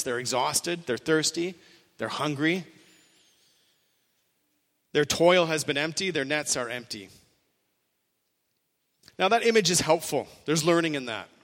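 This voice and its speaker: A man's voice: a little high, fairly bright tone, in a large hall. A male pastor preaching an earnest sermon, voicing quoted lines with rising emphasis.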